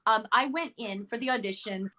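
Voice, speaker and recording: A middle-aged actress guest telling stories in a chatty interview, often correcting herself mid-sentence. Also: female voice, on the high side, moderate pace, bright, forceful tone. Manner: chatty, storytelling, self-correcting. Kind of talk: casual interview chat.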